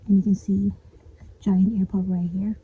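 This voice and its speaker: A woman's voice: medium pitch, little pitch movement, moderate pace, breathy edge, narrow, tinny audio. Chatty woman narrating a craft project. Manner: chatty, self-deprecating, often drops to a whisper. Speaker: crafting vlogger.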